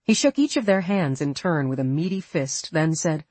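An audiobook narrator reading a science fiction story in a steady voice. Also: mid-range voice, normal speed, hardly any pauses, dry recording. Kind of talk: scripted narration.

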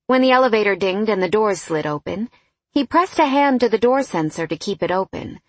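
A woman narrating a novel in a steady, scripted reading style on a close studio mic. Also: medium pitch, moderate pace, husky, no room sound. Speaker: audiobook narrator.

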